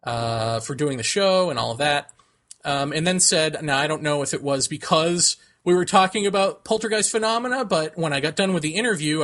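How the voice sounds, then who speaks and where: A man co-hosting a podcast, telling a long personal story in casual chat. His voice is bright and sits a little high for a man. He laughs often and acts out the people he quotes. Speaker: podcast co-host.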